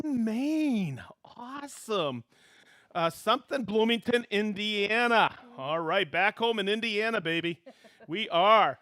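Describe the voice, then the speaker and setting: A man with a high-sitting, pushed and bright voice cheerfully hosts a live stream. He reads out viewers' names and hometowns with quick greetings and laughs, keeping things upbeat.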